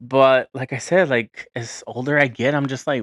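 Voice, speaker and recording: A man's voice: mid-range voice, fairly even intonation, normal speed, a bit bright, no room sound, studio quality. Profane, rambling man in his thirties. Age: 30s. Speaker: podcast host. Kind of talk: casual storytelling monologue.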